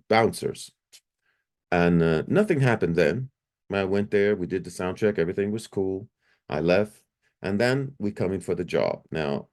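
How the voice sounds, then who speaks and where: A middle-aged man recounting his near-death experience in a lively, repetitive storytelling way, restarting sentences often. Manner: animated, jumps higher when quoting himself; repeats himself, restarts often. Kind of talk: personal storytelling.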